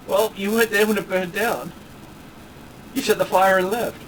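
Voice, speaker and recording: A man's voice: high voice, a bit bright, distant mic, slight background noise, poor audio. A man narrating a tabletop game as game master, rambling along with many fillers.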